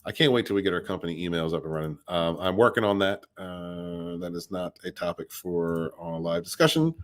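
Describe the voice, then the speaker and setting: A man's voice: low-pitched, lively intonation, a little fast. A man hosting a casual livestream podcast, chatting nonstop, rambling and greeting viewers in the chat by name.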